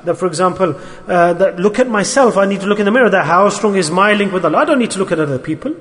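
High pitched guy preaching a sermon, earnest and repetitive, big echoey hall. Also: expressive, quick pace, a bit bright. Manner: earnest, repetitive, mixes Arabic religious terms into English.

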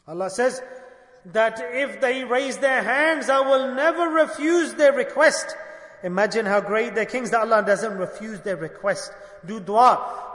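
A man preaching a storytelling sermon, his voice high and bright. He is fervent and climbs to emphatic outbursts. An echoey hall gives every line a long reverb.

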